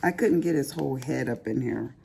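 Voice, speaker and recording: A woman's voice: extremely low pitch, a little fast, creaky, warm tone, a little hiss or hum. An older grandmother chatting casually to her viewers as she crafts, rambling and laughing at her own asides. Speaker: crafting vlogger. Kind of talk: casual chat while crafting.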